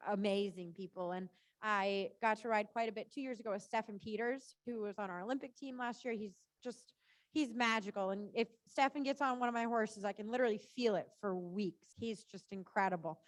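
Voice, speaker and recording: High-voiced woman coaching a riding lesson. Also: dry recording. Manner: encouraging, chatty, frequent "right?" and "good". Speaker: riding instructor.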